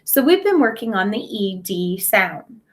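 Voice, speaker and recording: Slow, patient teacher woman. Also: mid-range voice, sing-song. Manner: patient, over-enunciates sounds. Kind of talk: slow, clear phonics lesson for young children.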